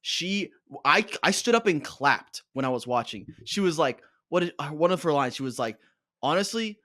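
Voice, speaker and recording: A young man co-hosting a casual reaction podcast, talking in an animated, fired-up rant. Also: a little high, moderate pace, no echo, clean studio sound. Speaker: podcast co-host.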